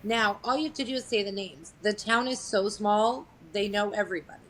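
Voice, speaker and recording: A woman's voice: mid-range voice, a little fast, fairly bright tone, slight background noise, low-quality recording. A woman telling a true family story in a candid, conversational way. She is blunt, swears freely and speaks matter-of-factly, with frequent fillers. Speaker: guest sharing a family story.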